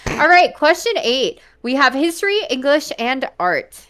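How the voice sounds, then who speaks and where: A woman's voice: sits high, big pitch swings, a little slow, a bit bright. Teasing woman hosting a gaming quiz. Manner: teasing, matter-of-fact. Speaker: quiz host.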